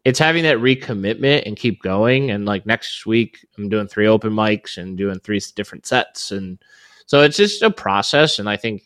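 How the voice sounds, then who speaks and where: A man's voice: fairly low pitch, animated, normal speed, a bit bright, clear, resonant tone, no room sound. A man in his thirties talking casually as an interview guest, rambling with lots of filler words and restarts. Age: 30s. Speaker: podcast guest, real estate investor.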